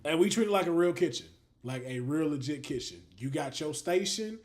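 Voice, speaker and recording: A man hosting a casual livestream, chatting to viewers in a lively way, laughing, swearing freely and trailing off into drawn-out fillers. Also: medium pitch. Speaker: livestream host.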